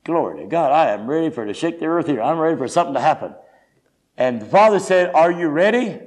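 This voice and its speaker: A man preaching, telling a folksy, animated personal story with quoted speech. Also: a little high, fast talker. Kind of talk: sermon testimony storytelling.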